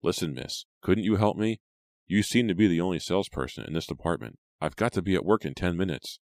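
A man's voice: deep voice, fairly quick, darkish tone, no room sound, clean studio sound. A man reading an audiobook, voicing an impatient middle-aged male customer who pleads and grows exasperated.

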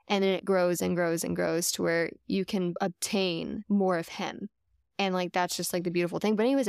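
A woman's voice: fairly low pitch, clear, resonant tone, no echo, studio quality. A woman sharing a heartfelt personal faith story on a podcast, earnest and chatty, with lots of casual fillers. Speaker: podcast co-host.

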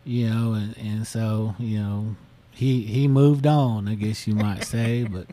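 A man's voice: lowish voice, fairly even intonation, slow, mellow, dry recording. A man casually retelling a listener's story on a podcast, full of fillers and restarts. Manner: rambling, many fillers like "you know". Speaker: podcast host.

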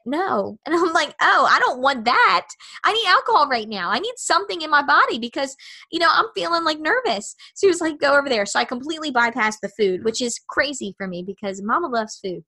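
A woman hosting a podcast, telling a personal story in a chatty, animated way and acting out her own thoughts. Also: on the high side. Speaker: podcast host.

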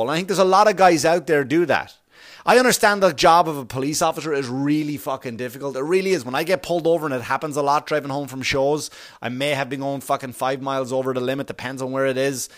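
A man rants through a profane comic monologue. His voice sits somewhat high for a man, and he talks bluntly and acts out the people he describes. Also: a bit bright. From Long Island, New York. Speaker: comedian.

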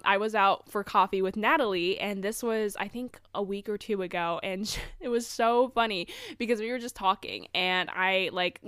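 A young woman in her twenties telling a casual storytime to her viewers, chatty and animated, with lots of "like" and acted-out quotes. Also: medium pitch, clear, resonant tone, dry recording, clean studio sound. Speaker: vlogger.

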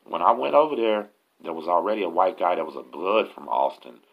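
Texan male host, very low gravelly voice, slangy profane storyteller, lo-fi audio. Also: big pitch swings, fairly quick. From Texas, USA. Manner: profane, slangy, street talk. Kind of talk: casual storytelling.

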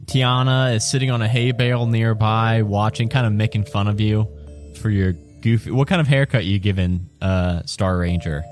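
A man's voice: fairly low pitch, steady tone, moderate pace, soft background music. A man narrating a tabletop game as game master in a descriptive way, breaking into laughter now and then. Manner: descriptive, laughs between lines.

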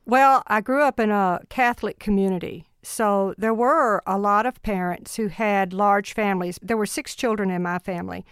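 A woman in her sixties, a mother of ten, telling family stories in an earnest, animated way with laughs along the way. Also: mid-range voice, moderate pace, hardly any pauses, clear, resonant tone, no room sound, studio quality. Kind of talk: personal storytelling in an interview.

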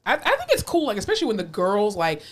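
A woman in her late twenties co-hosting a podcast in casual chat, playful and quick to laugh. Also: medium pitch. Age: late 20s. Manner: laughs often, playful and animated. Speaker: podcast co-host.

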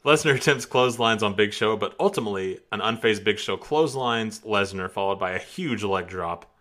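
Guy reading a wrestling recap on a podcast, bright voice, pitch jumps around a lot, keeps laughing. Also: lively intonation, brisk. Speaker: podcast host recapping a match. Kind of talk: casual play-by-play recap.

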